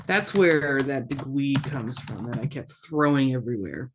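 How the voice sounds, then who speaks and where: Slow, careful language teacher. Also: mid-range voice, expressive, a little hiss or hum. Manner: slow, careful repetition of words with casual asides. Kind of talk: casual online language lesson.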